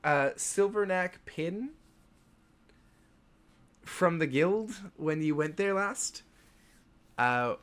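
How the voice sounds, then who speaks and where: A man's voice: fairly high pitch, lively intonation, drawn-out words, pauses often, fairly bright tone, clear, resonant tone. A man narrating as game master in a tabletop game, playful and hesitant with fillers.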